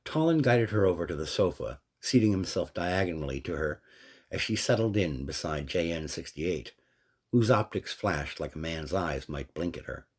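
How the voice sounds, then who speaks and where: A man narrating a fan story in a steady, descriptive way. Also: low-pitched, moderate pace, husky.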